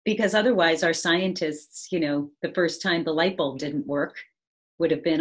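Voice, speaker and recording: This woman's voice sits low and moves at a normal speed. Her video-call talk on resilience and change is reflective and casual, with frequent check-ins of "right?".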